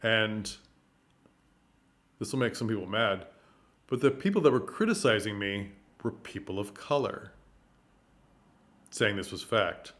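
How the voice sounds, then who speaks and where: A man giving a casual spoken commentary on theater, animated and full of rhetorical questions, sometimes tripping over his words. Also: on the low side, unhurried, long pauses.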